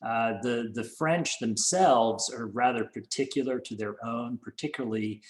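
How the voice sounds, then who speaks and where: A man's voice: mid-range voice, unhurried, poor audio. Man on a video call, professor type, lots of ums and restarts. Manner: hesitant, many fillers and restarts. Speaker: French professor. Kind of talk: webinar talk.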